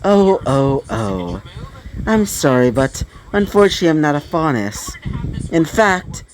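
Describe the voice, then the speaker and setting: A man's voice: fairly high pitch, very animated, unhurried, slight background noise. A playful, polite horned female monster who greets people with a teasing lilt, as a man puts her on. The voice moves freely up and down.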